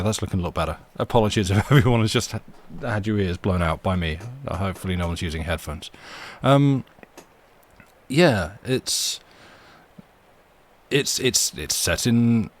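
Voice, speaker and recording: A young man chats loosely into a desk microphone before a live reading. His voice sits a little low, and he wanders through restarts and self-deprecating asides in a relaxed way. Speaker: storyteller and stream host. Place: home streaming desk with a squeaky chair.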